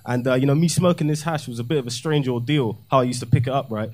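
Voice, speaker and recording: A young man doing a deadpan, self-mocking, slangy stand-up set in a comedy club. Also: medium pitch, quick pace. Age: young adult.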